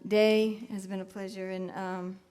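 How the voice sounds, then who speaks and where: A woman's voice: mid-range voice, level tone, measured pace, warm tone, soft background music. Chatty middle-aged woman from Massachusetts. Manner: chatty, rambling, self-mocking. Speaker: singer-songwriter. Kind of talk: onstage banter between songs. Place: live concert stage.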